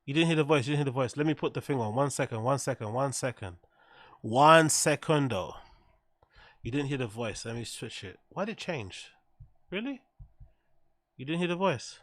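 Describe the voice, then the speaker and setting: A man hosting a casual livestream, chatting to his viewers in a loose, rambling way and swearing freely. His voice sits at an ordinary middle pitch. The sound is close and dry, with little room behind it. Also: lively intonation, normal speed, long pauses, a bit bright, no room sound. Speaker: streamer host.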